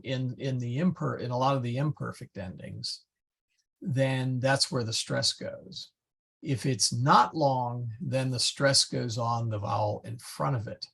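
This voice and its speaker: A man teaching a Latin class, explaining slowly and patiently with many fillers. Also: mid-range voice, vocal fry, fairly bright tone, husky. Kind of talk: online class lecture.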